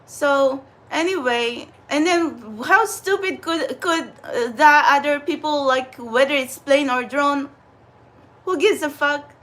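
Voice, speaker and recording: High-voiced chatty woman vlogging. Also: slow. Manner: chatty, animated, frequent laughs and fillers. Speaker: vlogger and spiritual channeler. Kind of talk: casual rambling vlog. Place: New York City area.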